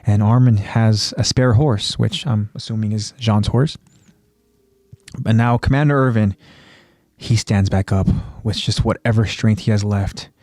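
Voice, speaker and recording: A man co-hosting a podcast, recapping an episode in plain storytelling with pauses and fillers. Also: on the low side, fairly even intonation, a little mellow, dry recording. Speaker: podcast co-host.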